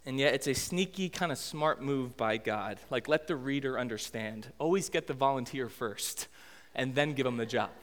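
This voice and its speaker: A man in his thirties preaching a sermon as pastor, conversational and animated as he tells the story. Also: medium pitch, normal speed, few pauses, big-room sound.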